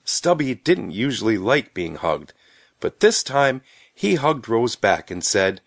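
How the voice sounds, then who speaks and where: A man narrating a children's story in an expressive storybook reading. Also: mid-range voice, takes it slowly, no room sound, studio quality.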